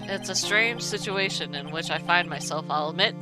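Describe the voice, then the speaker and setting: A cold, proud young prosecutor from a courtroom video game , as a woman streamer puts him on. The voice sits lower than her own, measured and formal, with music playing behind. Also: lightly acted, rough recording. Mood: cool, formal. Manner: measured, formal reading with a few stumbles. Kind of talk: reading game dialogue aloud on stream.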